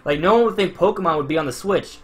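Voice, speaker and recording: A man's voice: on the high side, quick pace, fairly bright tone. Man musing on a casual podcast. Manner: rambling, many restarts. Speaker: podcast host.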